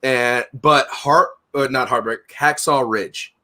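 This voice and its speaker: A man's voice: medium pitch, slow, sharp tone. A man hosting a casual chat, telling rambling, profane stories.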